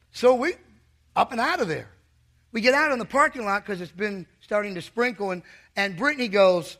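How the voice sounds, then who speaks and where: A man's voice: sits high, animated, moderate pace, sharp tone. A middle-aged male pastor preaching a sermon, telling a funny story and teasing his congregation.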